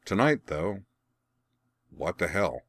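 Brief: male audiobook narrator, very low voice, wry and even, close dry recording. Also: slow, no room sound. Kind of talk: scripted audiobook narration of fan fiction.

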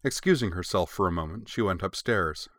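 A man reading a story aloud in an even, measured narration. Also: deep voice, no room sound, clean studio sound.

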